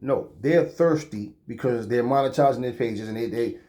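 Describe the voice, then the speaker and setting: Brief: male channel host, casual and blunt, swears freely, mid-pitched voice. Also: moderate pace, few pauses, mellow. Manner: blunt, profane, rambling. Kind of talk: casual talk to camera.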